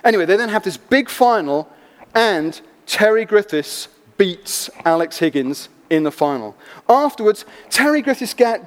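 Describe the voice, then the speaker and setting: A man with a high voice tells a story as part of a sermon to an assembled crowd, animated and expressive. His words ring out with the lengthy reverberation of a big hall.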